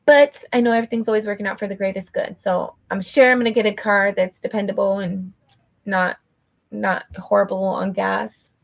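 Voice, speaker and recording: A middle-aged woman with a gravelly edge to her voice chats casually on a live stream as a tarot reader. She vents with frustration and swears freely, then talks herself back into calm. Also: medium pitch, normal speed.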